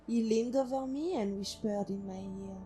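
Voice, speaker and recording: A woman voicing a haunted female synth who was once a killer, telling her past in slow, brooding monologue. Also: mid-range voice, dark tone, close to an everyday voice. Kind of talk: game companion monologue. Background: faint music.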